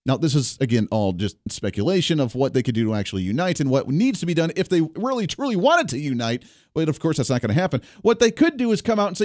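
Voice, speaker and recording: A man in his thirties hosting a talk show, telling a family story and giving opinions in an animated, indignant way. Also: on the high side, quick pace, no room sound, clean studio sound. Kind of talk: opinionated monologue.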